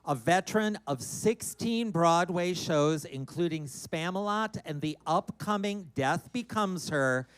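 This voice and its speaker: A man's voice: high-pitched, measured pace, hardly any pauses, clean tone. A man hosting a cabaret show and introducing a guest with a grand, announcer-style build-up. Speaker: show host. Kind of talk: stage introduction. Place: cabaret club stage.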